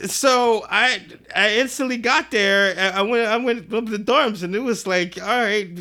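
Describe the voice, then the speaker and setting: A man spins a loose, profane story on a casual podcast, slipping in and out of the voices of the people involved. His voice sits a bit high for a man and sounds bright and forceful. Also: moderate pace. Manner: animated, profane storyteller who acts out quotes. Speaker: podcast guest.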